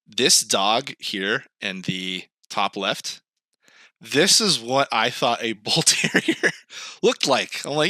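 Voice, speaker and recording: A man co-hosting a podcast in casual chat, animated and swearing, who acts out quoted lines. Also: medium pitch, slow, dry recording, studio quality. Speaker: podcast co-host. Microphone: remote call mic, screen sharing.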